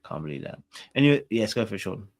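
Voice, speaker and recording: A man's voice: on the low side, big pitch swings, quick pace. Blunt, emphatic man recapping a show. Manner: blunt, emphatic, repeats points for effect. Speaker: podcast co-host. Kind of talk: casual reality-show recap chat.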